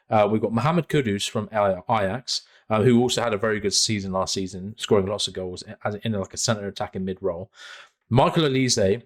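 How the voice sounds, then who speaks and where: A man co-hosting a football podcast, chatting casually in a rambling, slangy, jokey way. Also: fairly low pitch. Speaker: podcast co-host. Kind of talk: casual chat.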